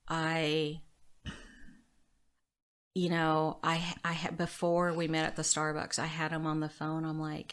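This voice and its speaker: A middle-aged woman, a podcast guest, telling her life story candidly and often dropping to a soft near whisper. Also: low voice, little pitch movement, measured pace.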